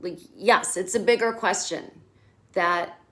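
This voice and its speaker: A woman comedian hosting a casual comedic TV recap, animated and sarcastic, who swears freely. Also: fairly low pitch, slow pace.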